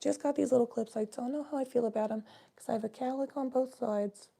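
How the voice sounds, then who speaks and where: A woman's voice: a little high, fast, gravelly, dark tone. A woman chatting casually on a live stream, giving a tarot reading in a rambling, swearing way.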